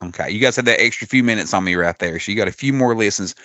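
A man's voice: fairly low pitch, fast talker, bright, forceful tone, no echo, muffled recording. A man hosting a podcast in casual, brash chat, swearing freely. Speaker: podcast host.

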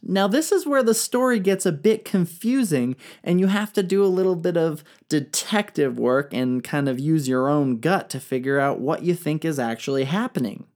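A woman's voice: sits low, lively intonation, normal speed, hardly any pauses, a little mellow. A woman retelling ancient history in a comedic, irreverent style, full of slang, swearing and jokes. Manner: irreverent, profane, slangy, jokey.

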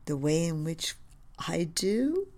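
A woman reading the lines of a loving, spiritual young wife, soft and earnest in manner. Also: low-pitched, big pitch swings, takes it slowly, full character voice.

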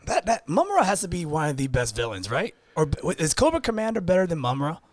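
A man with a rough, sandpapery voice, chatting casually as a podcast co-host and laughing often. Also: fairly high pitch, quick pace, dry recording. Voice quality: gravelly, sandpaper voice. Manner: laughs often, animated storytelling. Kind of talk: casual chat.

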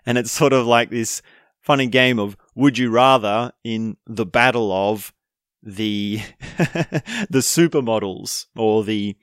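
A man talking casually on his own, chatty and quick to laugh, often ending lines with a questioning "right?". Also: lowish voice, fairly even intonation, no room sound, studio quality. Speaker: speaker explaining a topic. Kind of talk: casual monologue.

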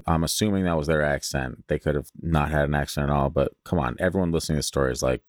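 Low-voiced guy reading a spooky story on a podcast, cracks jokes in between, faint music under it. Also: fast talker, few pauses. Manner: reads listener story aloud with joking asides. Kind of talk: casual storytelling chat.

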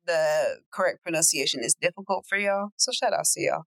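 A woman's voice: low-pitched, fairly quick, no room sound. A woman co-hosting a casual podcast chat, wry and joking with slangy, offhand phrasing. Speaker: podcast co-host.

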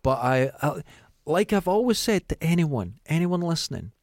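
A man's voice: a little high, big pitch swings, moderate pace, darkish tone, dry recording, studio quality. A man with a Scottish accent, co-hosting a podcast in casual, enthusiastic chat. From Scotland. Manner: chatty, enthusiastic, swears freely. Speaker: podcast co-host.

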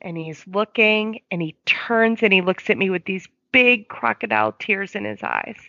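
A woman's voice: medium pitch, normal speed, vocal fry, no room sound, muffled recording. A woman, a foster parent, telling a story in conversation and acting out the quoted dialogue. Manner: lively, acts out quoted dialogue.

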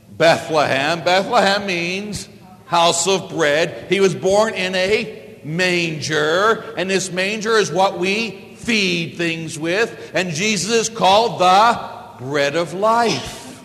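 High-voiced priest preaching in a hall. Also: male voice. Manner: storytelling homily, big swings from low asides to loud exclamations. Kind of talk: sermon. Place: church.

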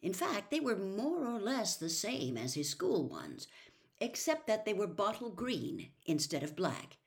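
A woman reading a novel aloud as a storyteller in an expressive, lively way. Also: medium pitch, measured pace. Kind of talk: audiobook reading.

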